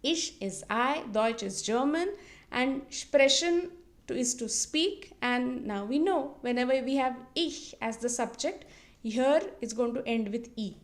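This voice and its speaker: A woman teaching as a language tutor, explaining phrases patiently and repeating each one slowly for the listener to copy. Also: fairly high pitch, expressive. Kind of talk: instructional explanation with slow repetition drills.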